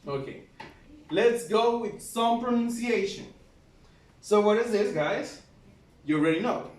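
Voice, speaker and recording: Guy teaching grammar, high voice, recorded far off in an echoey room. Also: darkish tone. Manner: slow, repetitive, explains step by step. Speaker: English teacher. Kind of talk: grammar lesson. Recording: roomy, from far off, faint noise.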